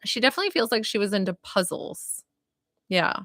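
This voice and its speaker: Woman doing a psychic reading live, warm and rambly, says like a lot, no room echo. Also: mid-range voice, sing-song, fairly quick, soft background music. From northern United States. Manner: warm, rambling, many "like" fillers. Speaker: psychic medium.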